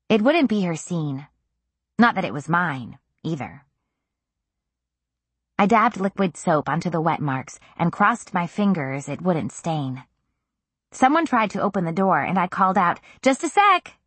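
A woman narrating a first-person novel in an intimate, even storytelling manner. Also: fairly low pitch, slightly rough, no room sound. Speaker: audiobook narrator.

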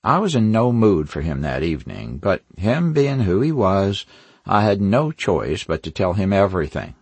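A man's voice: sits low, very animated, normal speed, darkish tone, slightly rough, no echo. A man narrating a first-person crime novel in a wry, hard-boiled manner with dry asides. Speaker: audiobook narrator.

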